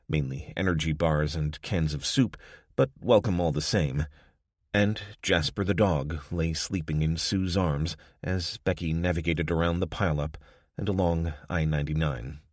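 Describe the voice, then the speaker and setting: A man narrates a survival thriller with steady, measured storytelling. His voice sits low, and the recording is dry and close with no room around it. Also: dry recording. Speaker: audiobook narrator. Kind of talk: scripted narration.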